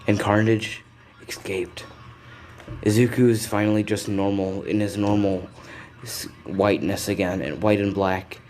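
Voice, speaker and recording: A man's voice: on the low side, steady tone, a little slow, a little mellow. A young man casually telling a fan-fiction story, rambling and correcting himself often, his throat strained from talking. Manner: rambling, with frequent restarts and self-corrections.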